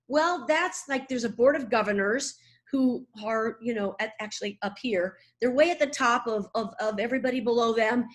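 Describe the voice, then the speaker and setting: Animated woman in her 60s, slightly high, playful guest chat. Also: moderate pace. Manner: animated, laughing, slips into voices. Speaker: voice actor, guest. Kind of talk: casual interview chat.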